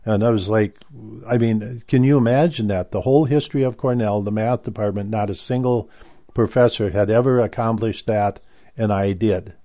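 An older man tells of his past at normal speed, his voice low and dark. It's an easygoing, rambling recollection with many stops and restarts.

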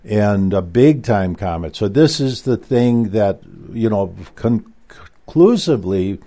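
A man speaking as a guest author, with a lowish, mellow voice. He tells his story at length, doubling back on words and slipping in asides as he goes. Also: animated, takes it slowly. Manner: rambling, with frequent restarts and asides. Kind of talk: conversational recounting.

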